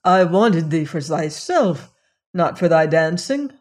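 A woman voicing a young prince, quiet and devoted, speaking solemnly in old-fashioned words. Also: deep voice, lively intonation, takes it slowly, heavily acted.

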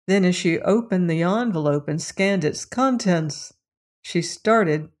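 Reading from a novel, this narrator keeps a steady, measured delivery at medium pitch. It is scripted audiobook narration.

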